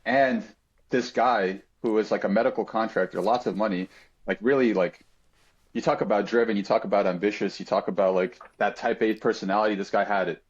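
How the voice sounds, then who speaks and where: A man's voice: lowish voice, breathy edge, lo-fi sound. A man telling a personal story on a podcast in an earnest, reflective way, with frequent fillers and restarts.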